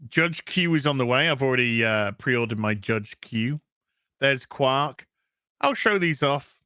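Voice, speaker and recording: A man's voice: medium pitch, animated, measured pace, bright, forceful tone, smooth, no echo, clean studio sound. A man hosting a casual live stream, reading out donations and thanking viewers in a loose, crude, jokey way.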